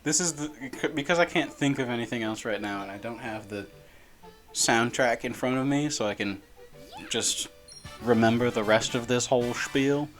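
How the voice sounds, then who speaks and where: A man's voice: lowish voice, a bit bright. A man chatting casually over gameplay, rambling, laughing and repeating words, with game music behind. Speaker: gaming channel host.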